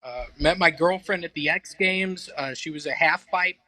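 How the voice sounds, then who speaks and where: A man doing a stand-up set, delivering deadpan one-liners with hesitant fillers between jokes. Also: a little high, normal speed, low-quality recording. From Memphis, Tennessee. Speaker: stand-up comedian.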